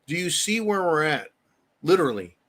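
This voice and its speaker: Casting: slightly high-voiced male host, angry profane political rant, hammering repeated lines. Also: big pitch swings, moderate pace, fairly bright tone. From United States. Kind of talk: heated political commentary.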